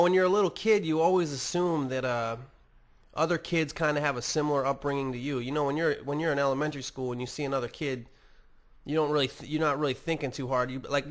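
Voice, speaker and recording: A man hosting a podcast, rambling casually and swearing a lot while mocking himself. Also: medium pitch. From United States. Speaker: podcast host. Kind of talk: casual profane monologue.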